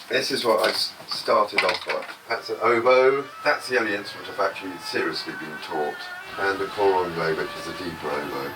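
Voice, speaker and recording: Older guy, really low voice, rambling chatty stories, noisy background hiss. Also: pushed and bright. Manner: chatty, rambling storyteller who laughs easily. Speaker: musician interviewee. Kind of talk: anecdotal documentary interview. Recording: noisy ambient documentary recording.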